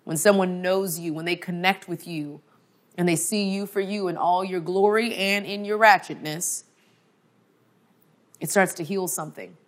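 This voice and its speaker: Woman preaching-style faith talk, chatty, keeps saying like and okay, goes soft and quiet to drive points home. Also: on the low side, fairly even intonation, moderate pace. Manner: emphatic and conversational, frequent "like" and "okay?". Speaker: conference speaker. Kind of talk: motivational faith talk to an audience.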